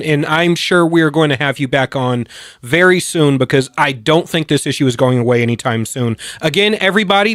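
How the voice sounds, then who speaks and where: A man hosts a political interview in a casual, animated way, reacting to his guest. His voice sits a little high, and the recording sounds dry and close, with no room around it. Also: no echo. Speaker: show host.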